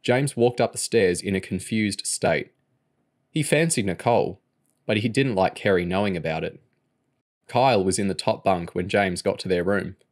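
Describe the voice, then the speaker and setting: A man reading chapters of a novel aloud in steady, plain narration. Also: deep voice, normal speed. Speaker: audiobook reader.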